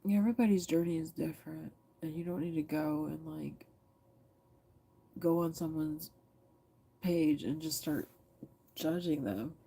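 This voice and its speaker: Low gravelly woman, frank and tearful. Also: unhurried, long pauses, dark tone. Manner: frank, swears freely, talks back to commenters. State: teary. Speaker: livestreamer reading chat. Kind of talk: candid confessional live chat. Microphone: phone camera.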